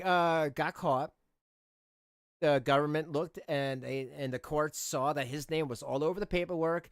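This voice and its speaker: A man's voice: a little high, no room sound, studio quality. Indignant man ranting on his stream. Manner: indignant, mocking, rambling with restarts. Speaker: livestream host. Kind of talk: ranting commentary on a livestream.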